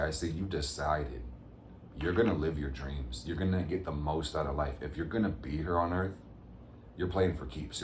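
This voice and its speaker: Very deep-voiced man reading tarot. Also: reverberant, slight background noise. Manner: upbeat, motivational, addresses viewers as fam and gang. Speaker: tarot reader. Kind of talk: casual tarot reading to viewers.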